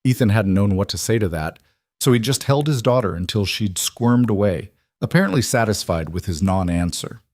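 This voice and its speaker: Brief: male storyteller, low, measured, dry close mic. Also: lively intonation, a little mellow, no room sound. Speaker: narrator. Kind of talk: scripted story narration.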